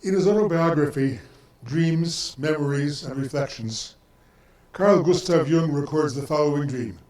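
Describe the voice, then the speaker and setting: An older man reading a prepared talk as guest speaker, measured and earnest. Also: fairly high pitch, a little mellow. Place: lecture hall. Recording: roomy lecture hall, distant mic.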